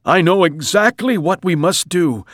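A man voicing a flustered husband, sleepy and then panicky, with a raised, loud voice. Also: sits high, unhurried, no echo, studio quality, pitched above the performer's own voice. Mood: alarmed.

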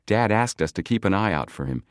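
A man voicing a blunt, quick-tempered seventeen-year-old boy, a little brighter than his narration. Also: on the low side, animated, dry recording, studio quality, pitched above the performer's own voice, close to an everyday voice. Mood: earnest.

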